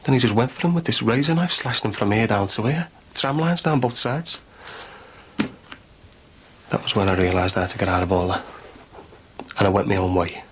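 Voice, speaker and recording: A man's voice: fairly low pitch, expressive, normal speed, pauses often, a little hiss or hum, close to an everyday voice. A young man, playing a reformed tearaway in a 1990s TV soap who talks bluntly and ruefully. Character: reformed young Liverpool tearaway, sober, earnest.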